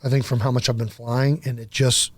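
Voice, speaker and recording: A man's voice: mid-range voice, flat delivery, fairly quick, breathy edge, no room sound. A young man co-hosting a podcast, steering the talk with questions and teasing his co-host. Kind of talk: casual chat.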